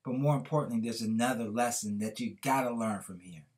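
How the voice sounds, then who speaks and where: A man voicing a calm, reassuring father who speaks softly and steadily. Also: medium pitch, fairly quick, natural voice. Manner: calm, soft-spoken.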